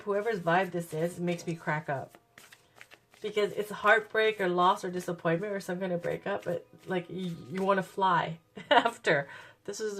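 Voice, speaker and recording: Chatty woman with a hoarse cold voice. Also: on the low side. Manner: chatty, upbeat, thinks aloud. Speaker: tarot reader. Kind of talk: casual tarot reading.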